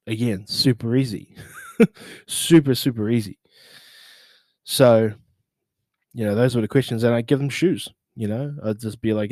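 Man telling event stories, slangy and lively, dry close sound. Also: normal speed, pauses often, dry recording. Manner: animated, laughing, acts out quotes with big pitch jumps; slangy, swears casually. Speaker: social media marketing manager. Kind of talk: casual storytelling recap.

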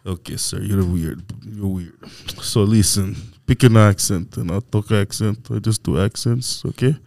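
A man's voice: on the low side, unhurried, creaky, no echo. A man joking around in a put-on Jamaican accent as a podcast guest, boisterous and teasing. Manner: boisterous, teasing, breaks into loud laughter.

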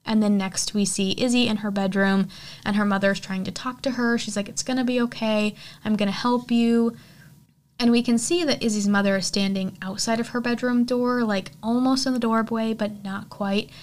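A woman's voice: medium pitch, fairly even intonation, moderate pace. Chatty woman recapping a film. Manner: chatty, filler-heavy retelling. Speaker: horror podcast host.

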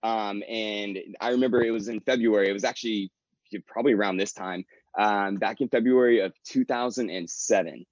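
A young man in his twenties talks fast and low as a podcast guest, tumbling through his thoughts with constant fillers and restarts. His voice comes through dull and lo-fi, close and completely dry with no room sound. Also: fairly even intonation, dry recording. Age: 20s. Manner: rambling and quick, heavy with "like" and "you know", frequent restarts. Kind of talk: casual interview chat. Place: his childhood bedroom at home.

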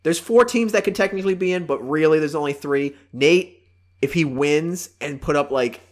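A man's voice: on the high side, moderate pace. A man co-hosting a casual fantasy football podcast, teasing a friend in a matter-of-fact way. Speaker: fantasy league co-host.

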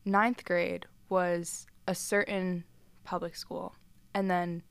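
A woman's voice: on the low side, level tone, slow, clear, resonant tone, dry recording. A young woman from South Carolina co-hosting a podcast, chatting casually and laughing easily. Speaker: podcast co-host. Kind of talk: casual chat.

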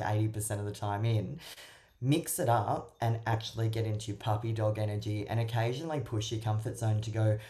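A woman guest coach giving relationship advice in a casual podcast chat. Her voice sits low for a woman and sounds dark and mellow. She talks expressively and slips into playful acted-out voices. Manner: expressive, acts out little voices while explaining. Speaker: love coach and matchmaker guest.

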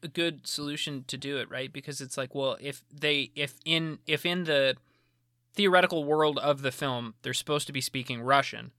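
A man's voice: mid-range voice, moderate pace, sharp tone, dry recording, clean studio sound. A man co-hosting a podcast, talking in a blunt, sarcastic way and swearing freely. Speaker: podcast co-host. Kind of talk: casual chat.

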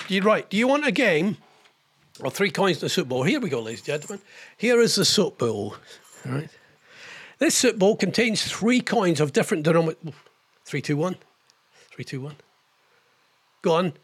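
A man's voice: fairly high pitch, husky. An older man hosting a casual live show, chatting in a rambling way about old television and reading viewer messages. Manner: rambling, chatty, quick impressions and laughs. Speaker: host of a live online radio show.

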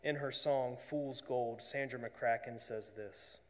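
A man preaching a sermon as pastor, earnest, often dropping to a hushed voice for emphasis. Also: mid-range voice, fairly even intonation, slow, hardly any pauses, in a large hall.

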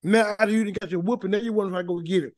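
Male Bible teacher, high voice, dry close sound, folksy and emphatic, repeats himself. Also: fairly even intonation, racing, a little mellow, no room sound. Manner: folksy, emphatic preaching with many repeated words. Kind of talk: informal Bible study teaching.

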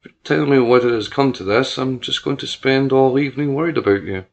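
A man voicing an older male doctor who stays measured and placating while he keeps his composure under strain. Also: medium pitch, creaky. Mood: pleading.

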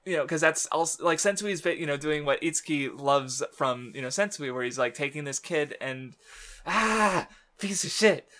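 A man's voice: fairly high pitch, fairly even intonation, brisk, hardly any pauses, fairly bright tone. A man in casual podcast chat about a manga, rambling with lots of fillers, laughing often and swearing now and then. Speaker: podcast co-host.

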